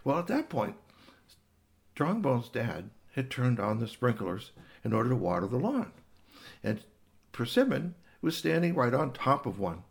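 A man's voice: mid-range voice, sing-song, measured pace, creaky. A man spins a made-up children's story, wandering along with "uh"s and small gasps. His voice sits in a middle register but rises and falls a lot. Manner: rambling, with fillers and gasps.

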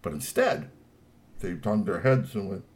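A man telling a children's story in a playful, animated way, with lots of asides. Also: on the low side, a little slow.

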